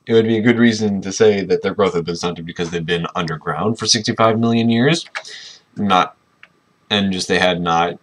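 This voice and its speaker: A man reading a book aloud and breaking off into sarcastic, mocking commentary between passages. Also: low voice. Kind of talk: casual dramatic reading with commentary.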